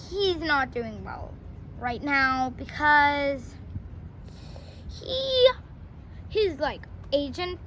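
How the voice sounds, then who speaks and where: A woman's voice: very high-pitched, sharp tone, a little hiss or hum, rough recording. A woman casually retelling a storybook plot, chatty and rambling, with many fillers.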